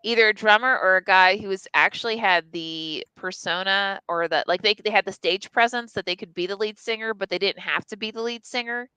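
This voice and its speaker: Bright, crisp-voiced woman telling a candid story. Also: mid-range voice, a little fast, few pauses, no echo, poor audio. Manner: candid and profane, full of "like" and restarts. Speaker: storyteller on a live stream. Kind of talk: casual personal storytelling. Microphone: live stream mic.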